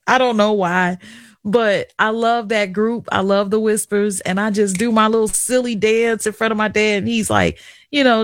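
A woman's voice: medium pitch, a little slow, no echo, clean studio sound. A middle-aged woman hosting a radio talk show, speaking candidly and emotionally in a confiding, chatty way. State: tearful at times. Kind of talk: emotional personal radio monologue.

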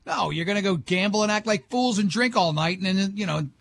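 High-voiced joking male radio host. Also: fairly quick, creaky, a bit bright, no echo. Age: older. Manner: rambling, jokey storytelling. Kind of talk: casual banter.

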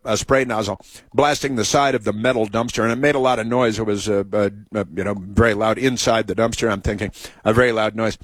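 A man's voice: medium pitch, no room sound. A man hosts a talk show in a dry, close sound with no room around it. He tells a rambling story and keeps restarting sentences and drifting into asides. Later he turns to opinionated political commentary. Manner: meandering, full of restarts and asides.

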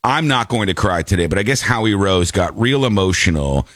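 A man hosting a comedy podcast in casual chat, sounding a bit under the weather and slowed down, often breaking into goofy high voices. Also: expressive, fairly bright tone, no room sound, studio quality. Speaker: podcast host.

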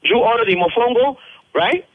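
A man's voice: very high-pitched, animated, moderate pace, husky. A man with a Spanish accent on a phone call as a restaurant worker, slipping into Spanish, impatient and blustering. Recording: phone line.

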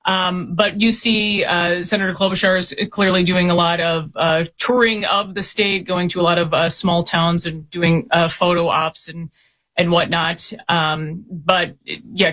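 High bright-voiced reporter man. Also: flat delivery. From Minnesota. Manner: quick, halting, many restarts and fillers. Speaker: reporter guest. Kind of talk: political interview.

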